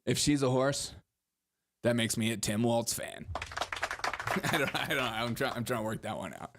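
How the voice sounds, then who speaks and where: A man's voice: medium pitch, fairly even intonation, normal speed, heavy background noise. A young man hosting a comedy show, riffing sarcastically on the news and laughing often. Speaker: podcast host. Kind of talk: comedic political commentary.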